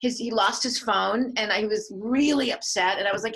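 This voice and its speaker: A woman's voice: mid-range voice, moderate pace, breathy edge, rough recording. A middle-aged woman, a filmmaker and mother, speaking earnestly as a guest in a conversational interview. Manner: earnest, animated when quoting others.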